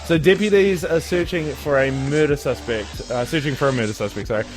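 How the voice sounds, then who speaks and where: A man's voice: a little high, a little fast, music in the background. A man hosting a casual podcast, reading odd news headlines and laughing at his own bad dad jokes. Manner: jokey, tells groan-worthy dad jokes and laughs at them. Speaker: podcast host. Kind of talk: casual comedy podcast chat.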